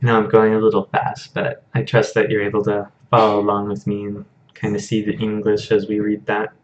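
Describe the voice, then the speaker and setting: A man's voice: on the low side, completely flat delivery, a little fast, dull audio, slight background noise. A man teaching a Hebrew grammar lesson over a shared screen, explaining patiently in a casual way with frequent fillers.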